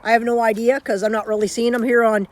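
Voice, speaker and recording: A woman's voice: a little high, level tone, quick pace. Chatty Canadian woman live-streaming by phone. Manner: rambling, chatty, with frequent restarts. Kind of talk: casual live-stream chat.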